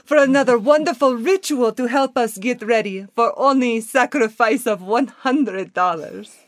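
A woman's voice: on the high side, normal speed, no room sound, clean studio sound, lightly acted. A woman imitating a pushy female spiritual teacher with a put-on Russian accent, drilling insistent commands. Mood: coaxing.

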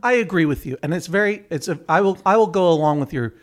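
A man's voice: on the high side, animated, quick pace. A middle-aged man, a guest judge on a comedic podcast, talking in a wry, rambling way with many restarts.

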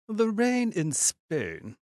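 A man's voice: fairly low pitch, sing-song, normal speed, no echo, studio quality. A man from Canada on a comedy panel, teasing in a wry, mock-insulting way. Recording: loud background noise.

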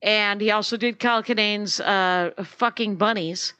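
Comedian co-host, woman, meandering casual talk with restarts; bright, forward tone, dry sound. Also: mid-range voice, steady tone, unhurried, smooth, dry recording. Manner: meandering, lots of fillers and restarts. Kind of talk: casual chat.

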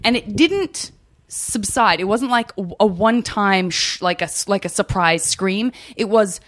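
A woman's voice: mid-range voice, lively intonation, measured pace, a bit bright. A young woman hosting a podcast in casual chat, telling a story with many restarts and easy laughter. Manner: chatty, hesitant restarts, laughs easily. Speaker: podcast host.

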